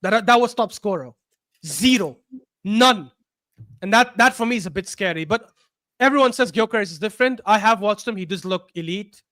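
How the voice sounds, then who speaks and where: A man on a football chat panel makes emphatic points, reeling off player names. His voice is high. The sound is dry and close. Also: animated, moderate pace, a bit bright, no echo.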